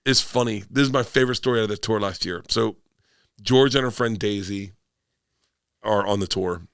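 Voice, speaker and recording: A man's voice: fairly low pitch, moderate pace, a bit bright, smooth, no echo, studio quality. A man who is a touring stand-up comedian and podcast guest, telling rambling tour stories in casual chat, swearing freely and acting out other people's lines.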